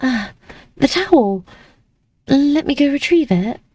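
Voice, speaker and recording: A woman voicing a sweet, naive, sheltered young lady of the house, gentle and trusting in manner. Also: high voice, expressive, takes it slowly, no echo, pitched above the performer's own voice. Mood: hesitant.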